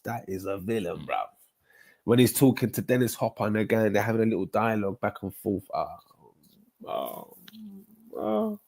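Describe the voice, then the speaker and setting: A man rambles through a casual live-stream chat, animated and full of slang. His voice sits a little low, and he often repeats himself as he talks. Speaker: football streamer chatting with viewers.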